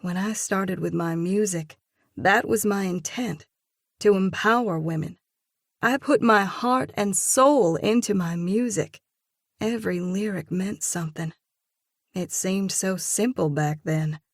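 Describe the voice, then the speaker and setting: Slow, measured woman audiobook narrator. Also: fairly low pitch, no echo, studio quality. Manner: measured, reflective first-person reading.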